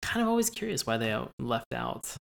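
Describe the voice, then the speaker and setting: A man hosting a podcast, talking in a rambling, animated and playful way in casual chat. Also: mid-range voice, brisk, vocal fry. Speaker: podcast host.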